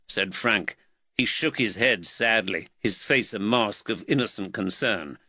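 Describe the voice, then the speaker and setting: A man narrating a period mystery audiobook in a measured, expressive way. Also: lowish voice, no room sound. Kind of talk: scripted narration.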